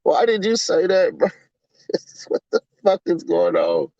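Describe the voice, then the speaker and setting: A young man chatting casually on a livestream and reading his chat aloud, cursing, laughing often, and jumping from mumbling to yelling. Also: high-pitched, measured pace, vocal fry, no echo. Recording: dull lo-fi dry sound.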